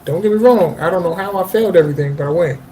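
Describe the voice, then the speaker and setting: A man's voice: high-pitched, very fast, dark tone, a little hiss or hum, low-quality recording. A man joking with his co-host in casual chat, teasing banter. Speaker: podcast co-host.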